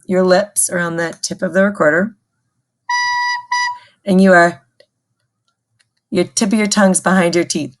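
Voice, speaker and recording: Woman, music teacher, slow pace, low voice, patient, call-and-response recorder lesson.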